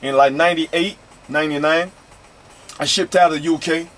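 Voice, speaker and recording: A rapper from London who speaks with an American Southern accent is a guest in a radio studio, giving a casual interview. His voice is on the high side and a bit bright, with fairly even intonation and moderate pace, and he's laid-back and slangy, leaning on fillers like "man" and "you know".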